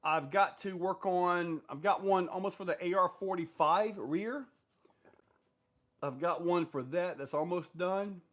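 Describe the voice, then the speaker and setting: A man's voice: high voice, a little slow, fairly bright tone. Chatty man hosting a hobby live stream. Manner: loose and rambling, many fillers, reads comments aloud. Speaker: livestream host answering viewer questions. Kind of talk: casual live-stream chat.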